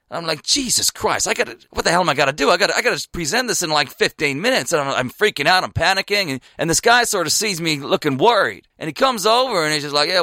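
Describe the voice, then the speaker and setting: A man voicing a loud, boastful American man who rambles excitedly and swears as he tells a drunken story. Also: a little high, no room sound, heavily acted.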